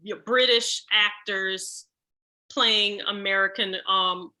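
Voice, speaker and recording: A woman hosting an interview, asking her questions haltingly with lots of ums, then getting lively when she retells a funny sketch. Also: medium pitch. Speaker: podcast host. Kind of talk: casual interview chat.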